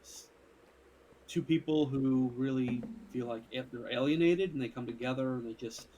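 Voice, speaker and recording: A mid-pitched man talks as a guest on a casual chat. He works through his recommendations one by one at an even pace, with a faint hiss in the background. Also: normal speed, low-quality recording. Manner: steady, listing recommendations.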